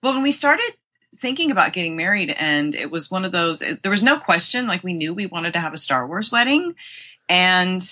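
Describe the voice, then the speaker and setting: A woman with a low-pitched but bright, forceful voice tells a story as an interview guest. She rambles animatedly, restarting sentences often and acting out what people said. It sounds like relaxed, casual storytelling. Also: a little fast. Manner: animated, rambling with many restarts and acted-out quotes.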